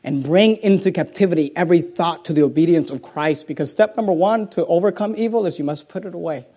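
A man preaching a sermon with impassioned emphasis, swinging between loud rising declarations and quiet intensity, repeating phrases for effect. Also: fairly high pitch. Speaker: pastor.

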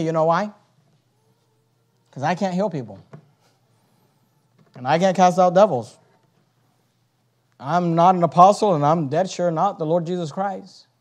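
Man, high-pitched voice, preaching a sermon, reads scripture, impassioned, emphatic. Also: a little mellow. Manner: reads scripture in King James wording.

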